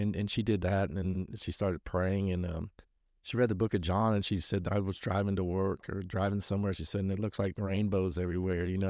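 A man's voice: deep voice, a little mellow, no room sound, clean studio sound. A man hosting a podcast, reviewing a show in casual, rambling talk full of fillers and restarts, speaking earnestly about his faith. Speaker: podcast host.

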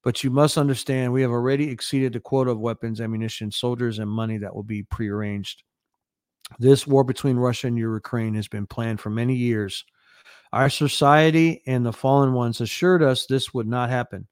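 A man's voice: medium pitch, fairly even intonation, normal speed, dry recording, studio quality, close to an everyday voice. A man reading the lines of a nervous older white-haired official who talks hastily. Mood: hasty pleading. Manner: hasty, pleading.

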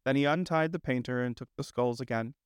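A man narrating a classic storybook in a measured, gentle, unhurried manner. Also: medium pitch, clear, resonant tone, no room sound, studio quality. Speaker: audiobook narrator.

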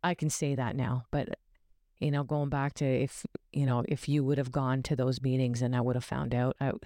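A man's voice: medium pitch, little pitch movement, moderate pace, mellow, dry recording, clean studio sound. A man in a candid casual chat, talking animatedly and quoting himself in mock voices.

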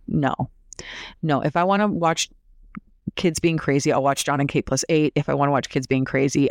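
A woman's voice: low voice, gravelly, dry recording, studio quality. A woman recapping a reality TV episode in a casual, opinionated way, saying "like" often. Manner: chatty and opinionated, heavy use of "like".

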